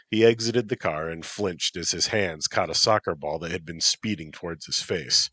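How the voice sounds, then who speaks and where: A man narrating a fantasy story in a steady, matter-of-fact reading. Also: low voice, moderate pace, hardly any pauses, husky, no echo. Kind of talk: audiobook narration.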